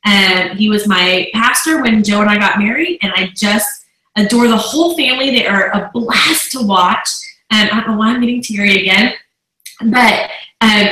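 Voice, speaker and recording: Gushing woman host in an echoey room. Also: on the high side. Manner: warm, gushing praise of speakers. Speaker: host of a team call. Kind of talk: hosting a conference call.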